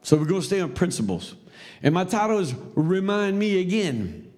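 A man's voice: high voice, sing-song, moderate pace, darkish tone. A man teaching a Sunday school class, telling a story in a loose, conversational preaching style with asides to the class.

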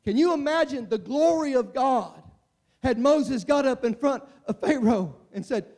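Preacher, male, high-pitched voice, impassioned sermon delivery that swings from hushed to near-shouting. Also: animated, unhurried.

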